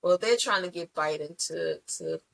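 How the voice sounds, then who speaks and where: A woman co-hosting a podcast in casual chat, talking bluntly and profanely with animated storytelling. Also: deep voice, moderate pace, gravelly, poor audio. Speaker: podcast co-host.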